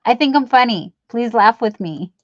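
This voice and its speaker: A woman's voice: on the high side, animated, normal speed, dry recording. A woman hosting a casual live stream, rambling as she reads viewers' chat aloud and teases herself. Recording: dull lo-fi stream audio.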